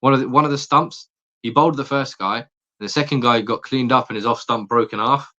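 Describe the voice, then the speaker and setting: On a dull, lo-fi recording, a male podcast guest chats casually about sport. He's opinionated and trips over his words, restarting and stammering, in a mid-range voice that's bright and forceful.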